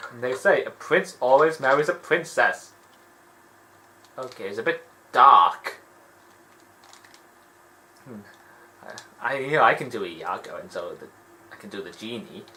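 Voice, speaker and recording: A man giving rambling, animated gaming commentary and laughing often. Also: on the low side, noisy background. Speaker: let's play host.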